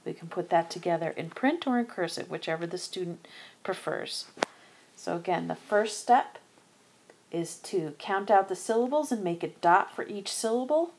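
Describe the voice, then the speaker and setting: A woman's voice: fairly low pitch, animated, normal speed, darkish tone, a little hiss or hum. A woman narrating an instructional screencast as a teacher, methodically sounding out letters and syllables one by one. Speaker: teacher educator.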